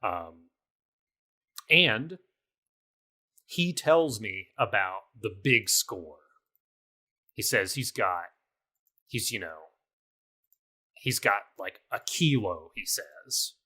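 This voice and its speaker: Bright-voiced man rambling through a game recap. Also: lowish voice, expressive, drawn-out words, long pauses. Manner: rambling, filler-heavy storytelling. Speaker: podcast co-host. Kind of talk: casual chat recapping a video game.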